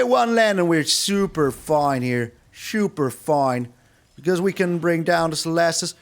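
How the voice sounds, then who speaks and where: A young man commentating his own gameplay in a playful, taunting way. His voice sits high for a man and leaps around constantly, dropping to low mutters and then jumping back up to excited bursts. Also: vocal fry. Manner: playful, taunting, sing-song, swings between excited highs and low mutters. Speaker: game streamer.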